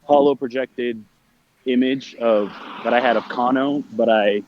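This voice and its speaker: A man's voice: mid-range voice, fairly even intonation, unhurried, slight background noise. Easygoing man, hesitant speech. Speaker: departing tabletop player. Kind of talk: casual tabletop play. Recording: dull lo-fi dry sound.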